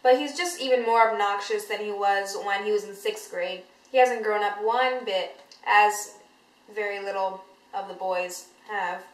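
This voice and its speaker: A teenage girl vlogging in a casual, animated way, telling stories full of "like" and "you know". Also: mid-range voice, unhurried. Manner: animated storytelling, many likes and you-knows. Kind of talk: casual chatty vlog. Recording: roomy echoey room.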